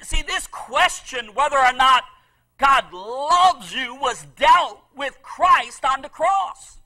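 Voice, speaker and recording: A middle-aged male pastor preaching a sermon with passion, repeating phrases and swinging between loud emphasis and soft asides. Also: very high voice, low-quality recording.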